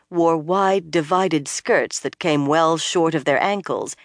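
A measured audiobook narrator with a mid-range voice, reading at an even storytelling pace. The recording is close and completely dry, with no room sound. The delivery stays steady throughout. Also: medium pitch, no echo.

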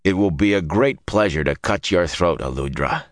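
A menacing male thug with a strange foreign lilt, gloating and mocking as he threatens. His voice rides a little above the narrator's deep tone and swings widely, as the man reading the story acts him out. The sound is close and dry. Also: lively intonation, normal speed, no room sound. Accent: strange foreign-sounding speech.

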